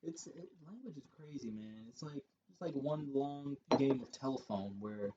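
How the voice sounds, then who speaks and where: A young man co-hosting a casual podcast, talking earnestly and musing, often trailing off softly. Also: mid-range voice, lively intonation, normal speed, background noise. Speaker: podcast co-host. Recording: dull lo-fi home podcast mic.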